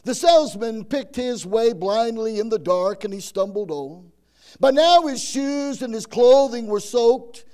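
A man's voice: very high-pitched, lively intonation, unhurried, warm tone. A man preaching a folksy sermon, telling stories and acting out the quoted voices.

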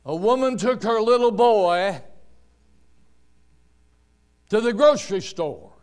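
A pastor with a smooth, animated voice that sits high preaches a sermon. He tells stories and draws out his words slowly for emphasis.

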